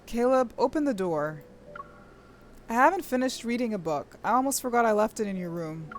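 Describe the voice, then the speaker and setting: A young woman streaming, reading a game's story aloud and breaking off into gushing, excitable commentary with squeals and laughter. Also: a little high, moderate pace, slight background noise.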